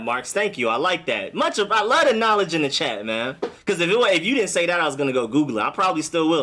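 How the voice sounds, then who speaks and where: A young man hosting a casual live stream, chatting in a relaxed way and answering viewer comments. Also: medium pitch.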